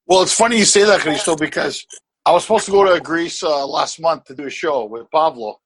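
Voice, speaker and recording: A middle-aged man hosts a podcast in a high, husky voice on a close, dry mic. He rambles with animated energy, laughs often and swears freely. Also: a little fast, no room sound, rough recording. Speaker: podcast host. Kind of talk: casual podcast conversation.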